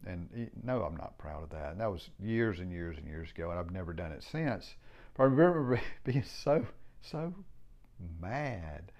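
Low and darkish with noticeable vocal fry, this middle-aged home builder and business owner rambles through a frank, casual, reflective talk, cursing here and there.

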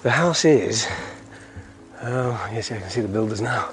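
A man's voice: fairly low pitch, expressive, measured pace, faint music behind. A middle-aged man hosting a community podcast outdoors, walking a hillside road and chatting casually with frequent chuckles.

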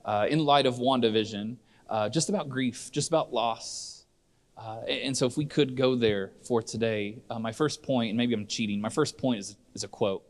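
A middle-aged man preaching a sermon in church, earnest and conversational, often restarting his sentences. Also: medium pitch. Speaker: pastor.

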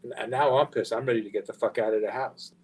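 A fast-talking, medium-pitched man with a slightly rough voice is heard in poor audio, described as a profane New man telling stories. A record label founder guesting in a casual storytelling interview, he delivers crude, animated anecdotes full of quoted dialogue.

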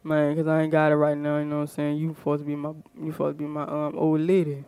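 A smooth-talking, demanding boyfriend coaxing his partner in relaxed slang, as a woman puts him on during a podcast rant. The voice sits a touch lower and stays clean and dry. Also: fast talker, no echo.

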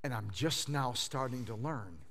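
A pastor in his fifties preaches a sermon at normal speed, swinging from hushed, low moments to loud, emphatic outbursts, and he often stammers and repeats words while pressing a point.

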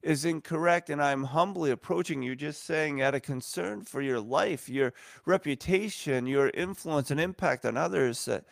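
A man's voice: a little high, moderate pace, creaky, few pauses, no echo, studio quality. A man preaching a sermon as a pastor, earnest and emphatic, stacking repeated phrases.

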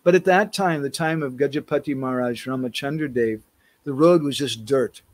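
A man's voice: medium pitch, moderate pace, no echo. A man giving a devotional storytelling lecture as a pilgrimage tour guide, animating the quoted characters as he narrates.

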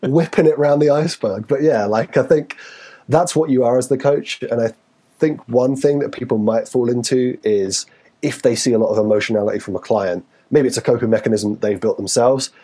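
Casting note: husky-voiced Geordie man, casual podcast chat, lively and playful, mid-pitched. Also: brisk. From Newcastle, England. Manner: animated, acts out quotes with sudden high pitch. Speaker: podcast co-host, fitness coach.

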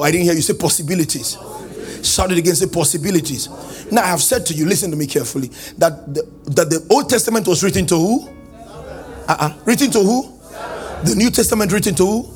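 A male pastor preaching a church sermon, calling the congregation to repeat after him and swinging from a sing-song lilt into shouting. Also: fairly high pitch. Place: church service.

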